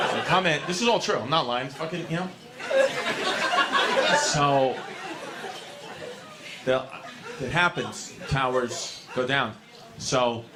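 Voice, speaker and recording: A man's voice: medium pitch, heavy background noise. A man, telling a rambling, profane stand-up story to a club audience. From New York City. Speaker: stand-up comedian.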